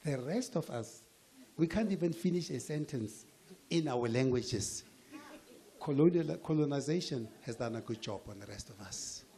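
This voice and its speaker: A man's voice: mid-range voice, expressive, normal speed, creaky, warm tone. A man from South Africa talking casually to an audience, joking and dropping in local-language phrases. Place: event hall with audience.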